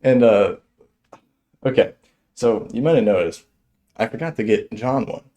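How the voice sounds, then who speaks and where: A young man telling a stand-up story in an animated way, chuckling as he goes. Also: mid-range voice, measured pace. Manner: animated, chuckles through his own story. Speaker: stand-up comedian.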